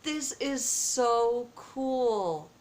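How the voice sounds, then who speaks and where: A woman vlogging at home as she opens happy mail, excited, gasping and halting with many fillers. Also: on the high side. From United States. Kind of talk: casual vlog chat. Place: home, indoors.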